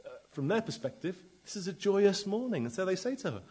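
A man preaching a sermon and reading scripture, dramatic, with slow emphatic pauses and sudden swells in loudness. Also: sits high, sing-song, husky.

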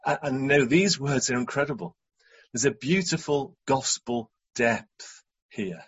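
A man's voice: medium pitch, moderate pace, fairly bright tone, husky, dull audio. A man preaching a sermon in a reflective way, often asking rhetorical questions.

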